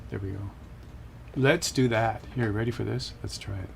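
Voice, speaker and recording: A man's voice: lowish voice, moderate pace, creaky, slight background noise. A man hosting a casual flight-sim live stream, upbeat and greeting viewers by name.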